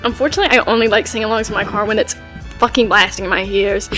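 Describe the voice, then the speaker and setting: A woman's voice: mid-range voice, quick pace, a bit bright. A woman streamer chatting casually between karaoke songs, self-mocking and laughing at her own attempts. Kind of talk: casual karaoke livestream chat. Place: indoors, keeping quiet for people nearby. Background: faint karaoke backing music.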